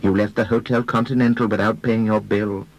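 A man voicing a gentle, precise middle-aged detective in an audiobook, with a husky tone and deliberate phrasing. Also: on the low side, level tone, voice pushed up, rough recording. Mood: gently stern. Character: mild middle-aged male detective, careful, polite. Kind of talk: audiobook character voice.

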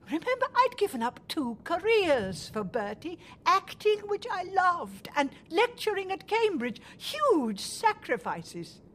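A woman's voice: very high-pitched, very animated, a little slow, hardly any pauses, fairly bright tone, a little hiss or hum, heavily acted. Dora: a passionate older woman. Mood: emphatic. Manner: passionate, emphatic, sweeping. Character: spirited older woman recalling a bitter old love. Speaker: character in a radio drama. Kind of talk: radio drama acting.

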